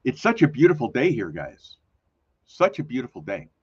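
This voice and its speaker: A man's voice: mid-range voice, huge pitch swings, normal speed, dull audio, music in the background. A man hosting a casual live stream, chatting in a rambling, self-correcting way with lots of fillers. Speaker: host of a weekly live community show.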